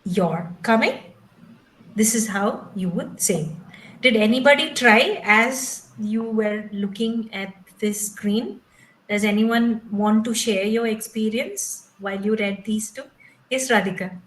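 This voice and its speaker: A woman's voice: medium pitch, a bit bright, low-quality recording. A woman whose first language is not English, teaching English pronunciation step by step in an online training session over a video call. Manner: slow, patient, explains step by step.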